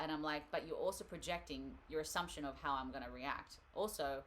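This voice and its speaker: A woman's voice: sits low, fairly even intonation, fast, hardly any pauses, fairly bright tone. A woman hosting a live tarot reading, talking casually and rambling with frequent laughs. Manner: chatty, rambling, laughs often.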